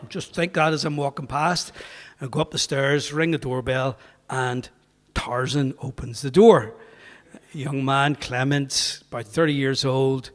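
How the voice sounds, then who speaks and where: A man's voice: medium pitch, fairly even intonation, unhurried. A man with a Northern Irish accent, a pastor telling a humorous story to an audience in a chatty, anecdotal way. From Northern Ireland. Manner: anecdotal, chatty, acts out quoted voices. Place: parish hall. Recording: reverberant parish hall.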